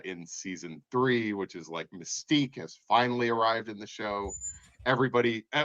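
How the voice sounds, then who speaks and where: A man's voice: lowish voice, a bit bright, dry recording, lo-fi sound. A man co-hosting a casual pop-culture podcast, rambling eagerly with restarts and laughs. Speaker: podcast co-host. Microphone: remote podcast mic.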